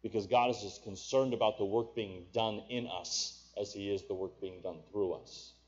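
A male preacher delivering a sermon to his congregation. He drops to low, hushed appeals, then climbs to loud, pleading cries. The recording sounds slightly dull and lo-fi. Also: steady tone, moderate pace, husky.

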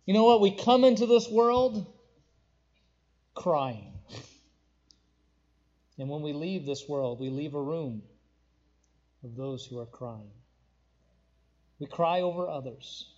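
A male preacher with a high voice delivers a sermon with fervor. He rises to loud, ringing declarations and drops to near-hushed tones. The recording sounds dull and lo-fi. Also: lively intonation, takes it slowly, pauses often.

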